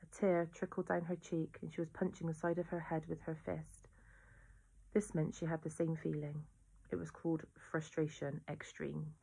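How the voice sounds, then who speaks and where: Lady reading a kids novel out loud, lowish voice, steady and even. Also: normal speed, creaky, slightly rough. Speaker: reader. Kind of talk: reading a children's novel aloud.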